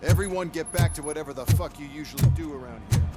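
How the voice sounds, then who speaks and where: A man's voice: fairly high pitch, fast talker, over loud music, lightly acted. An actor playing a callous male scientist, cold and dismissive.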